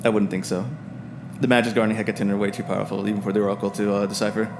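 A man's voice: on the low side, level tone, very fast, creaky, background noise. Man voicing a curt, dismissive giant queen. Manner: cool, clipped and condescending.

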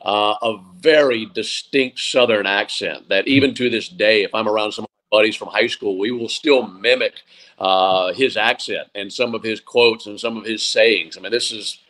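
A sports broadcaster in his forties, talking as a guest in an interview, reflective and often pausing to restart his sentences. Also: on the low side, steady tone, a bit bright, poor audio. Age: 40s. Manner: reflective, with frequent restarts and fillers. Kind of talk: interview conversation.

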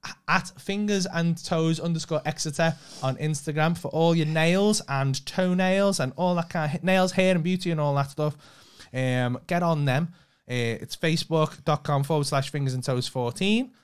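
A young man with a Scouse accent co-hosting a casual podcast chat, swearing freely and shouting out local businesses. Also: fairly high pitch, normal speed, few pauses, smooth. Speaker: podcast co-host.

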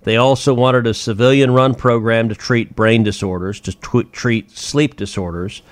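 A man's voice: mid-range voice, fairly even intonation, moderate pace, dry recording. A man, a senator hosting a political podcast, talking emphatically and with indignation, repeating phrases for force.

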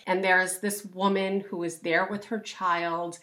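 A woman's voice: on the low side, flat delivery, measured pace, a bit bright. A middle-aged woman candidly telling a personal story to her listeners, often laughing as she talks.

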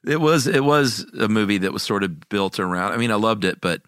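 A man's voice: lowish voice, animated, fairly quick, a bit bright, clean tone, no echo, studio quality. A man co-hosting a podcast, casually joking as he runs through a list of movies. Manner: joking, listing movies with playful intros. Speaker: podcast co-host.

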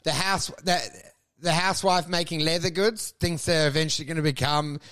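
A man's voice: fairly high pitch, moderate pace. A middle-aged man, a comedian co-hosting a podcast, chatting casually and animatedly, often laughing. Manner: animated, laughing, mimics others in quotes.

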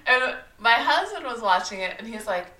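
A woman co-hosting a podcast, chatting casually about a movie, animated and swearing freely while she laughs. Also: on the high side, normal speed, far from the mic. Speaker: podcast co-host. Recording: roomy echo.

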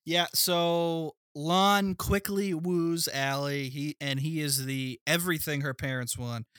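A man's voice: a little high, steady tone, slow pace, fairly bright tone, clear, resonant tone, no echo, clean studio sound. A man co-hosting a podcast, retelling a film plot with sardonic, profane asides. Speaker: podcast co-host recapping a film. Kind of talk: casual storytelling recap.

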